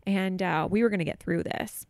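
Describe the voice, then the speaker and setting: A woman's voice: medium pitch, a little fast, no room sound. A woman in her thirties hosting a podcast and telling a personal story candidly, choked up and close to tears. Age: 30s. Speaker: podcast host.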